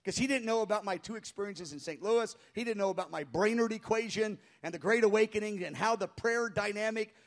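A man pastor telling a story in a sermon before a live congregation, animated and halting, crying out when he acts out quoted voices. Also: sits high. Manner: halting with frequent restarts.

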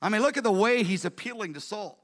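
A man preaching with animated, chatty storytelling, his voice high and bright. A long hall reverb trails every phrase. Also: quick pace. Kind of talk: sermon.

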